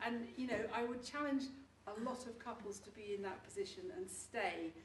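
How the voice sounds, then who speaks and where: Middle-aged woman, chatty storyteller who laughs a lot, bright tone, distant mic, faint noise. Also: on the high side, normal speed, reverberant. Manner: chatty, laughing, restarts often. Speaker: testimonial speaker. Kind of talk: casual story-telling before an audience.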